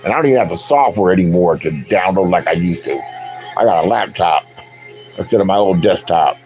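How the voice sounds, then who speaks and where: A man's voice: sits low, animated, a little fast, a little mellow. An older man, an online commentator, delivering a profane, boastful rant into his phone in a taunting, swaggering manner.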